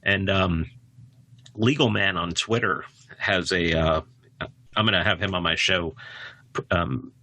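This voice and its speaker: A man talks as a podcast guest in a rambling, casual way. He restarts his sentences and leans on filler phrases, and his pitch jumps suddenly when he gets animated. His voice sits fairly low with a forceful, bright edge, recorded dry and close. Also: unhurried, long pauses, dry recording. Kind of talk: casual conversation.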